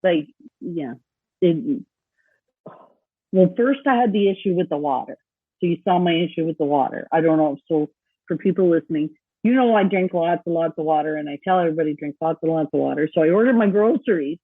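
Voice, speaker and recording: Woman co-host, chatty and laughing, husky tone, thin remote-call sound. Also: low-pitched, animated, brisk, no room sound. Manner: chatty, laughs often, acts out quoted voices. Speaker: podcast co-host. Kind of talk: casual chat. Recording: tinny phone-like remote line.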